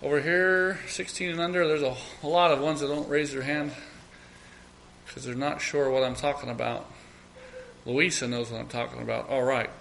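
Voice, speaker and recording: A man's voice: mid-range voice, steady tone, normal speed, vocal fry, fairly bright tone, slight background noise. A middle-aged man leading an evening Bible study, earnest, repeating key phrases and acting out short prayers.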